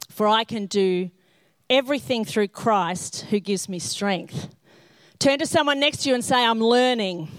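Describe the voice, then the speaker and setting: With a mid-range voice and no room sound, a middle-aged woman preaches a sermon as a pastor. She pokes fun at herself through funny stories, animatedly acting out scenes in character.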